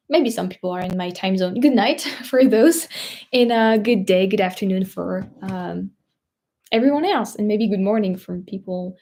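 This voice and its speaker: This French vlogger, a woman from France with a French accent, hosts a casual livestream in a medium-pitched, dark-toned voice at a moderate pace. She rambles, searches for words, and laughs often.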